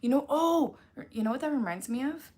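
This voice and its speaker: A woman's voice: sits high, lively intonation, brisk, a little mellow. A young woman chatting casually to her live chat, rambling with lots of fillers, laughing often and swearing freely. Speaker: livestream host.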